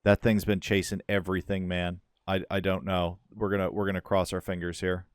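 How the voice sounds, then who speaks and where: A man hosting a let's-play, talking through his game casually and swinging from hushed to loud excitement. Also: low voice, brisk, no echo, clean studio sound. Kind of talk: casual gameplay commentary.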